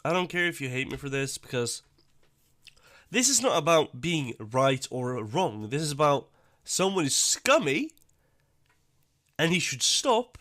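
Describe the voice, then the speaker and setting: A man rants through a reaction commentary, blunt and full of curses. His voice sits a bit high. The sound is dry and close, with no room around it. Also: a little slow, long pauses, no room sound. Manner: blunt, profane, animated. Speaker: YouTube commentator.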